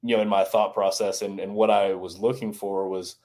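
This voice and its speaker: A Southern man with a low, flat voice talks a little fast as a guest on a casual podcast interview. A former college baseball strength coach, he rambles with many restarts and "you know"s.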